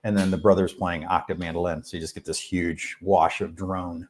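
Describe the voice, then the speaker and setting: A man with a fairly low voice talks loosely to his live-stream viewers and drifts from one topic to the next. He fills his pauses with plenty of ums and uhs and keeps a laid-back, unhurried flow. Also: slight background noise. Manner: rambling, relaxed, many fillers. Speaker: music channel host. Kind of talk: live stream chat answering questions. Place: rented room abroad.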